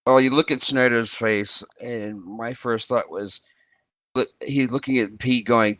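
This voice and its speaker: A man's voice: medium pitch, fairly even intonation, measured pace, a bit bright, far from the mic. A man on a casual fan-show podcast panel with a dry joking delivery. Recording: slightly off-mic voice, dry.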